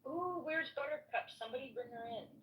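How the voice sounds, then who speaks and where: A woman's voice: sits high, fast, fairly bright tone, reverberant, rough recording. A woman chatting casually in an online room, teasing and talkative. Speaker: chat room participant. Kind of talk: casual chat.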